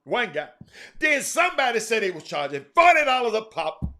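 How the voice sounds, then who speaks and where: Guy hosting a sports talk stream, high voice that bounces all over, keeps laughing and restarting. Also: fast. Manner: animated, laughing, repeats names and restarts often. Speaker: sports talk show host. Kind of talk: casual livestream sports talk. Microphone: streaming mic.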